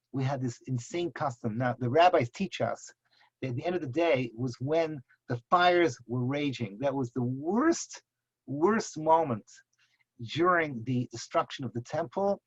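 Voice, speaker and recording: A man's voice: mid-range voice, expressive, a little slow, no echo. A man teaching a Torah lecture, impassioned and repeating words for emphasis. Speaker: rabbi teaching a class. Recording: husky voice, dull lo-fi sound.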